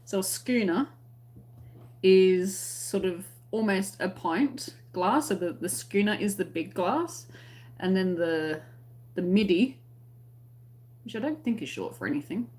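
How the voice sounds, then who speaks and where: A woman with an Australian accent chats casually on a crochet live stream and reads out viewers' comments as they arrive. Her voice sits at a middle pitch, and she keeps the talk friendly and light, laughing often between remarks. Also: expressive, unhurried, pauses often, a little mellow. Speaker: crochet channel host.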